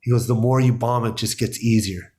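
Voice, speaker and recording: Lively man telling comedy stories. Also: mid-range voice, fairly quick. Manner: excited storyteller, acts out quotes, laughs often. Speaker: guest, stand-up comedian. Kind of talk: animated storytelling in casual chat.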